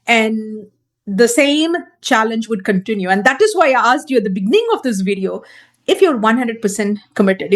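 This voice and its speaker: A woman's voice: a little high, expressive, normal speed. A woman parenting coach teaching straight to camera, earnest and emphatic, repeating her key points.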